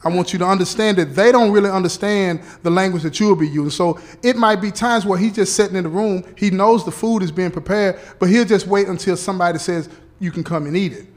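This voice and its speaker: A man playing a parole officer who explains things slowly and deliberately, checking in often with "okay?" and "right?". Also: high voice, lightly acted. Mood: explaining. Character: patient male parole officer briefing a relative.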